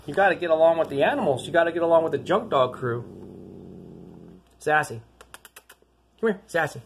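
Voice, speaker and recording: A woman's voice: low voice, expressive, fairly quick, a little hiss or hum. Woman cooing sing-song to her cats. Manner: coaxing, sing-song, swooping up for calls. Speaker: pet owner filming her cats. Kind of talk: cooing baby talk to pets. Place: house with pets.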